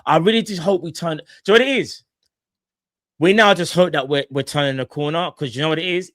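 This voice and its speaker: Young man, stream host, casual slangy shoutouts, a bit high, dry sound. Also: no room sound. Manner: slangy, animated, shouting out chat members. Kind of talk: casual live stream chat.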